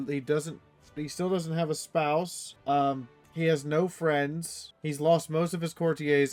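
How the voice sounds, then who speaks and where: A man streaming a strategy game, reading the event text aloud and reacting playfully, jumping into sudden high squeals. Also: no echo. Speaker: let's play streamer.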